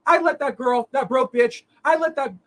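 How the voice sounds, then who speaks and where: A woman's voice: sits high, normal speed, close to an everyday voice, poor audio. A woman doing an impression of a brash, foul-mouthed woman streamer, ranting at her audience with repeated rhetorical questions. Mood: indignant rant. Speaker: host.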